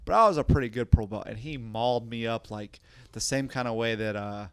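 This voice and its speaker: A man's voice: mid-range voice, fairly quick, fairly bright tone, clean tone. A man who coaches jiu-jitsu and hosts a podcast, explaining his teaching in casual chat and often repeating words as he thinks.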